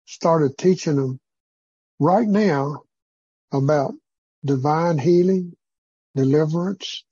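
Man leading a church group: husky, mellow, rambling preacher style, muffled lo-fi sound. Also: fairly high pitch, dry recording. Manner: rambling, preacherly, with many fillers. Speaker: group leader. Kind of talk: informal church group teaching.

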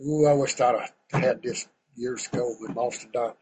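A man preaching a fervent, folksy sermon to an online group over a video call, breaking into shouts of praise. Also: medium pitch, fairly even intonation, moderate pace, background noise.

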